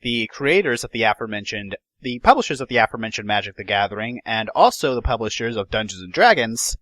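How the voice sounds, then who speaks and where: A man's voice: fairly low pitch, animated, fast, a bit bright, no echo, low-quality recording. A man hosting a podcast, chatting casually about game news and often restarting his sentences. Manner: rambling, many restarts and fillers. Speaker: podcast host. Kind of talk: casual gaming news chat.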